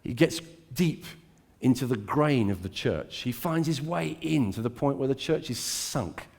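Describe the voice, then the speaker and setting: A man preaching a sermon to a church, dramatic and swinging between hushed, intimate lines and emphatic climbs. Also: mid-range voice, animated, a little slow, creaky, breathy edge. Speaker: pastor.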